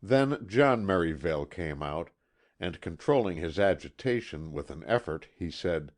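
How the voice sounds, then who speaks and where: A man reading a classic mystery novel aloud as an audiobook narrator, measured and expressive. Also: deep voice. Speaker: audiobook reader.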